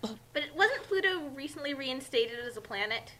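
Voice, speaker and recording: A woman's voice: high-pitched, expressive, moderate pace, fairly bright tone. A woman co-commenting on a fan story reading, dropping dry, teasing remarks. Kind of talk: casual comedic commentary.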